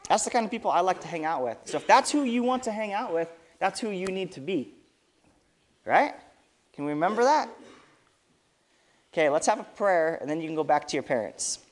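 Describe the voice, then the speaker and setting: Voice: mid-range voice, fairly quick, long pauses. A speaker leading a children's sermon in a church service, telling a story and asking the kids questions. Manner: lively, asks the kids questions.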